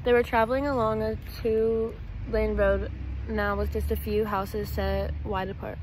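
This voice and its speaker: A woman's voice: medium pitch, flat delivery, measured pace, a little mellow, a little hiss or hum, poor audio. A woman reading a children's storybook aloud in a casual way, with small slips. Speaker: student reader.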